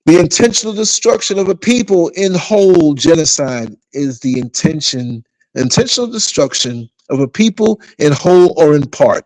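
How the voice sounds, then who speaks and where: A man hosting a casual livestream, telling rambling, animated stories and reading comments from viewers. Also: fairly high pitch, normal speed, few pauses, no room sound, low-quality recording. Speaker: livestream host.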